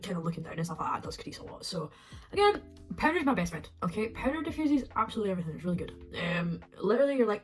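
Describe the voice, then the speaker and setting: A young woman talking through a makeup tutorial in a rambling, self-mocking way, full of restarts, and now and then dropping to a breathy whisper as she concentrates. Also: mid-range voice, big pitch swings, very fast, soft background music, rough recording. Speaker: beauty vlogger.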